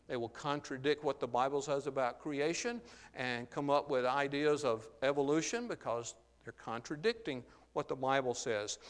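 A man's voice: on the high side, clean tone. A man preaching a sermon in an earnest way, often tagging his phrases with "uh" and "there". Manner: earnest, frequent "uh" and "there" tags. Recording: long hall reverb.

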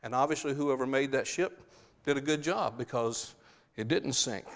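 A man's voice: mid-range voice, moderate pace, in a large hall. A man preaching a sermon, stressing key phrases by repeating them.

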